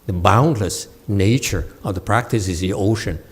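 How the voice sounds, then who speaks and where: A man giving a Buddhist Dharma lecture, halting with fillers, often checking that listeners follow and teasing them now and then. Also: on the low side, husky. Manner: slow, halting with many fillers, asks listeners to confirm; playful teasing asides to the audience. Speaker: Buddhist teacher. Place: meditation center hall.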